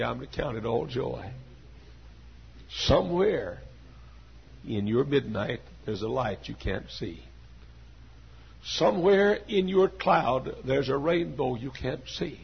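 A man in his sixties preaching a sermon with an emphatic, repetitive cadence that swings from hushed to loud. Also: mid-range voice, lively intonation, slow, gravelly, pauses often, dull audio, slight background noise. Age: 60s. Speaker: pastor.

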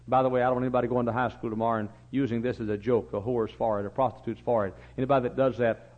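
A man in the pulpit, preaching with folksy stories and acted-out voices. His voice rises from quiet asides into loud, fervent bursts. The recording sounds slightly dull. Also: mid-range voice. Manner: folksy storytelling, acts out voices, swings loud and soft. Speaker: pastor. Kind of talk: fiery sermon. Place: church.

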